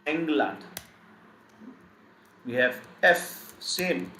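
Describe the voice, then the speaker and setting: Slow, repetitive man teaching pronunciation. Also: on the high side, very animated, pushed and bright, slight background noise. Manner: slow, repeats each sound several times. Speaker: German teacher. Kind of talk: live online language lesson. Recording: echoey room, faint keyboard typing.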